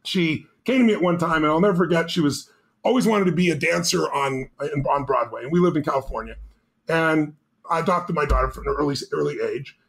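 A middle-aged man telling a motivational story as a podcast guest, energetic, emphatic and urgent. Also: on the high side, a little fast, creaky.

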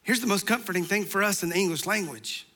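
A man preaching a sermon, passionate and emphatic, sometimes sinking to a soft hush for stress. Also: sits high, fast talker.

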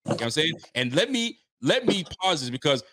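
A man's voice: a little high, sing-song, a little fast, background noise. A man hosting a live stream, recapping a football game with hyped, joking, rhetorical delivery. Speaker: fan channel host.

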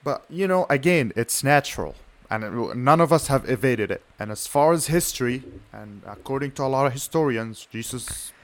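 A young man musing on a podcast, rambling along with frequent "you know" fillers and casual swearing. His voice sits at an ordinary middle pitch, relaxed and conversational. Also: moderate pace, hardly any pauses. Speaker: podcast co-host. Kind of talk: casual chat.

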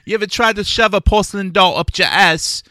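Bright, lively, wisecracking man. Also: high voice, no room sound. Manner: crude, laughing, wisecracking. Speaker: podcast co-host. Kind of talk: casual comedic chat.

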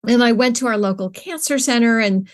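Fairly high in pitch and a little fast, this middle-aged woman is a nonprofit co-founder appearing as a guest in a conversational interview. She's earnest and searching, often falling back on fillers as she restarts her sentences.

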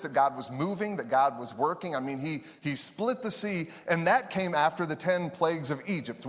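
A male pastor giving a conversational, animated sermon in a church, laughing often. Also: fairly high pitch. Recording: reverberant church hall.

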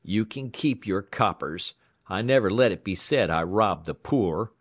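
A man voicing gruff hoarse tramp robber. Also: on the low side, expressive, no room sound, clean studio sound. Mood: contemptuous. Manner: slow, drawling threats. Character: menacing masked male tramp robber, gruff and contemptuous.

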